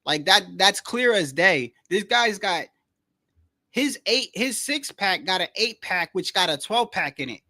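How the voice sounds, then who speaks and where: A man hosting a casual livestream, rambling in a slangy, animated way and repeating himself as he tells stories. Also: sits high, unhurried, no echo, studio quality. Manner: slangy, rambling, keeps saying "bro". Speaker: livestream host. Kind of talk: casual livestream boxing chat.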